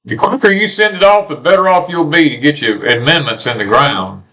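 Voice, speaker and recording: A man's voice: on the high side, animated, a little fast, bright, forceful tone, poor audio. A man with a Southern US accent co-hosting a homestead channel, talking bluntly and repeating himself in casual porch chat.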